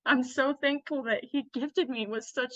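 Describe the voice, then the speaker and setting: A woman guest telling her story in casual conversation, animated and blunt, laughing often. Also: sits high, moderate pace, no room sound. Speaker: guest, Western fashion influencer. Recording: dull lo-fi dry sound.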